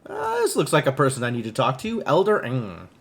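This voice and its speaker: A young male streamer chatting as he plays through a game live, animated and quick to laugh. His voice sits in a middle register and he talks casually, reacting to his viewers as he goes. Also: mid-range voice, creaky. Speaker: streamer playing a video game.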